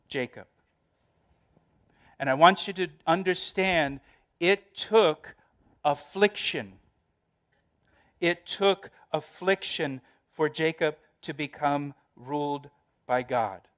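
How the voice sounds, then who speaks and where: A man's voice: fairly high pitch, a little slow, a bit bright. A middle-aged male pastor preaching a sermon, repeating phrases for emphasis and raising his voice in quoted lines.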